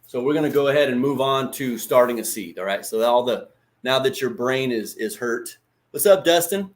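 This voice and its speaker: A man's voice: medium pitch, fairly even intonation, moderate pace. A man hosting a casual livestream lesson. He talks in a loose, chatty way, swears freely and greets viewers by name. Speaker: livestream host.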